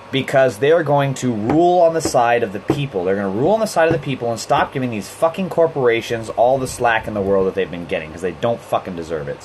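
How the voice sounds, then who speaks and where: Casual male streamer, mid-range voice, profane and rambling, phone mic with light background hum. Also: medium pitch. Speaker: livestream host. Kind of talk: casual livestream chat. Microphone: phone held in hand.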